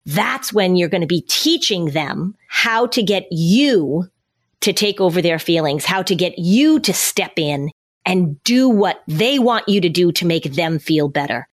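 A woman's voice: fairly low pitch, lively intonation, unhurried. A middle-aged woman, a former social worker, explaining parenting with acted-out examples of parents and children. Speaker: parenting expert guest. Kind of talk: conversational advice.

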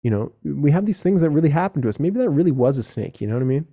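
A man's voice: on the high side, expressive, racing, mellow. A young man hosting a solo podcast, talking earnestly and directly to other men, casual and with some swearing. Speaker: podcast host.

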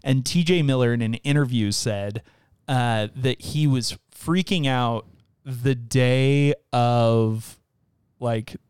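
A man's voice: medium pitch, slow pace, darkish tone, clear, resonant tone, no echo, clean studio sound. A man co-hosting a podcast, chatting casually and stressing his points by repeating them. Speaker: podcast co-host. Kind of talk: casual chat.

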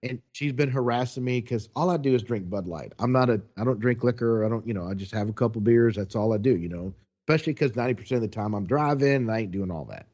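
A man in the middle of a long, chatty story, acting out what everyone said in a relaxed, animated way. His voice sits in an ordinary middle range. The recording sounds a little muffled and lo-fi. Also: medium pitch, fast. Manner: animated, chatty, quotes people as he goes. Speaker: guest telling a story. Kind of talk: casual storytelling.

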